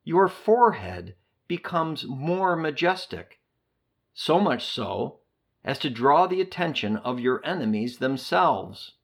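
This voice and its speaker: A man reads a devotional prayer at an unhurried pace. His voice rises and falls in a lively, lilting way, and he speaks to God directly with deep devotion. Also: slightly rough. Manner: slow, lilting and devout, addressing God directly.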